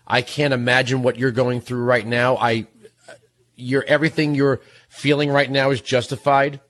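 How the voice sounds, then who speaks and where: Man, radio host, studio, gentle, consoling, measured, mid-pitched voice. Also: level tone. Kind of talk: call-in radio conversation.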